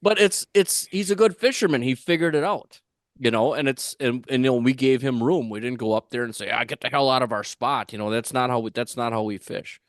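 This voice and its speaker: A man telling a rambling fishing-tournament story on a podcast, with lots of fillers and restarts, getting animated when he acts out what others said. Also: mid-range voice, fairly quick, dry recording, studio quality. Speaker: tournament angler guest.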